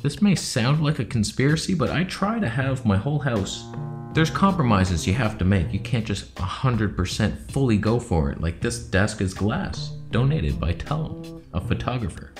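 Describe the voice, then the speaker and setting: A young man casually ranting to camera in his living room, sarcastic and jumping between loud jabs and low mutters. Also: very animated, moderate pace, music in the background. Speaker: YouTube host.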